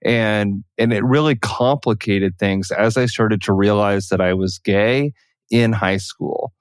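Earnest low-voiced male guest. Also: measured pace, clear, resonant tone, no room sound. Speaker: guest, therapist and author. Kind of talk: interview answers. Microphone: good podcast microphone.

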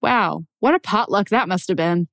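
A woman's voice: mid-range voice, normal speed, creaky, a bit bright, no echo, clean studio sound. Wry, joking woman co-host. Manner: wry, joking reactions with casual swearing. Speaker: podcast co-host. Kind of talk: casual podcast chat.

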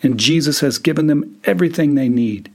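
A man's voice: a little high, fairly quick, darkish tone. A man hosting a podcast, telling a vivid second-person story with wry, dry humor. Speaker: podcast host.

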